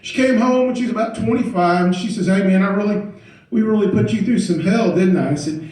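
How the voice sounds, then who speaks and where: A middle-aged man doing stand-up, telling a story about his daughter and acting out loud quotes, often laughing as he talks. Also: high voice, fast talker. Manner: animated, loud acted-out quotes, laughing through lines. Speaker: stand-up comedian. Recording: echoey room, far from the mic, loud noise.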